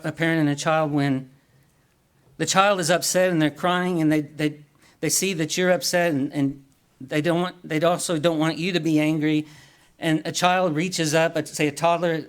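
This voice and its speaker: A man's voice: on the high side, clean tone. Earnest man preaching a sermon. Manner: earnest, asks the congregation questions; restarts and repeats words.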